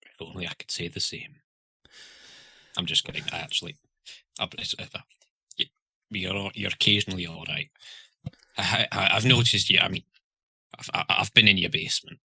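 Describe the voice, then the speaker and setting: A man with a gravelly, husky, very bright voice plays a tabletop game, stammering and restarting as he speaks in character. His pitch runs a little low, and the sound is dry. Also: normal speed, pauses often, no echo, rough recording. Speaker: player. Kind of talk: casual tabletop role-play.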